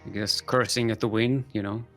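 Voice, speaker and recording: A man casting a live video game match who laughs often and talks in an animated way. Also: lowish voice, a little fast, soft background music. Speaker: esports caster. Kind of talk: casual live game commentary.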